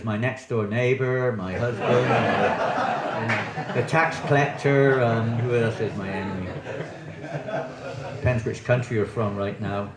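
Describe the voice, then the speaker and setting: A man giving a scripture class as a visiting swami, chatty and joking, often quizzing his audience. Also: medium pitch. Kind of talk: sermon with audience questions. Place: temple hall. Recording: echoey hall.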